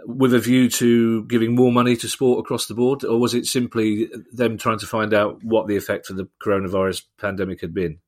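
Middle-aged man, low-pitched voice, podcast co-host, jokey, teasing. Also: little pitch movement, brisk, hardly any pauses, a little mellow. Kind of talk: casual podcast discussion.

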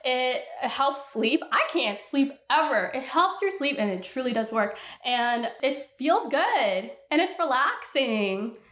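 A woman's voice: high-pitched, expressive, takes it slowly, few pauses, a bit bright, echoey room. A woman in her twenties hosting a podcast alone, ranting candidly in casual talk and swearing freely. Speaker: podcast host. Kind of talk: casual solo podcast rant.

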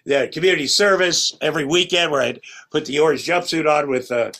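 A man's voice: on the high side, a little fast, bright, forceful tone. A middle-aged man, a guest on a podcast, telling long stories in a rambling, casual way and acting out what others said. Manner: rambling, restarts often, acts out quoted lines. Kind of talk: casual storytelling chat.

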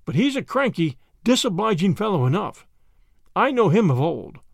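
A man reads a mysterious stranger on a train. He speaks quietly and evenly, courteous and unhurried, in a dry close-up sound. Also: sits high, big pitch swings, vocal fry, no room sound, heavily acted. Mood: calm. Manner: quiet, measured, polite.

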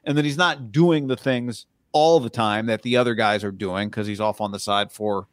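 A man co-hosting a casual sports podcast, talking in a measured, analytical way and often dropping in short agreements. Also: on the low side, dry recording.

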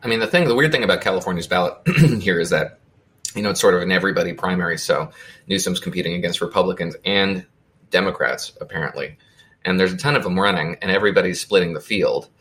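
A man's voice: sits low, fast talker, fairly bright tone. A man on a political podcast panel, thinking aloud in a musing way. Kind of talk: political discussion.

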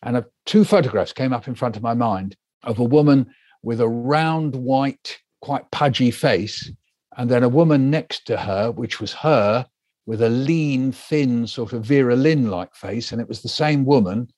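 A man's voice: mid-range voice, a little slow, no echo. Older man telling a story vividly. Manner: animated storyteller acting out quoted voices. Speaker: guest author. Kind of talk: storytelling interview answer.

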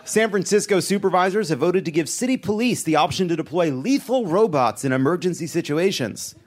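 Comedy news anchor, male, slightly raised pitch, dry deadpan with quick asides, light background noise. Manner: deadpan joke delivery with asides. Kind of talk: satirical news segment.

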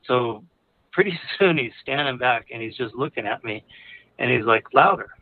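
A man's voice: mid-range voice, normal speed. A man casually telling a personal story, rambling with lots of fillers and restarts. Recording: narrow phone-like audio.

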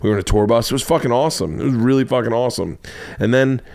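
A man in his forties from the United States, hosting his own show with a rambling, profane comedic monologue and animated storytelling. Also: medium pitch, very fast, creaky. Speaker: comedian podcast host.

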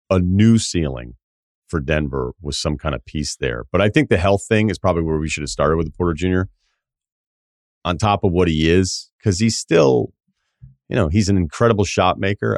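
A man guesting on a sports podcast, animated and quick to laugh at his own ideas. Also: low voice, no room sound, clean studio sound. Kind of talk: casual sports chat.

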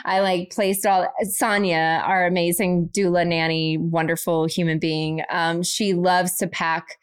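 A woman in her thirties, co-hosting a podcast, telling a story in a casual and animated way. She laughs often and acts out what people said. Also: fairly low pitch, measured pace, clean tone. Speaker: podcast co-host.

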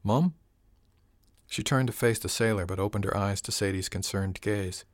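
A man narrating an audiobook in a steady, even storytelling manner. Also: on the low side, fairly quick, dry recording, studio quality.

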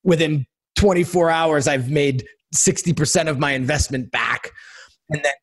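A middle-aged man telling his life story in a casual interview, animated, acting out quotes and often repeating words. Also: a little high, moderate pace, husky, no room sound. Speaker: guest entrepreneur and designer.

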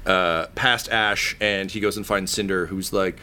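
A man narrating as game master, halting with many ums and uhs. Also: deep voice, fairly even intonation, sharp tone.

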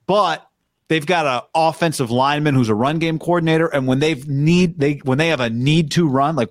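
A man's voice: on the high side, moderate pace, no room sound, studio quality. A man co-hosting a casual football podcast, telling stories loosely and acting out what coaches say. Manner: loose storytelling, acts out coaches' quotes. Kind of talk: casual sports chat.

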